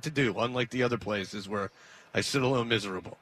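A man's voice: medium pitch, fast talker, a bit bright, husky. A man hosting a sports radio show from media row at a convention center, joking in a playful way. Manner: jokey, playful. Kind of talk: casual sports radio chat.

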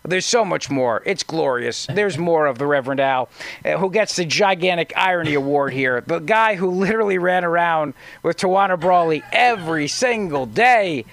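Sarcastic talk radio host, dry sound. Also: male voice, a little high, lively intonation, normal speed, a bit bright, no echo. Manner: sarcastic, mocking, restarts often. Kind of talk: conservative talk radio commentary.

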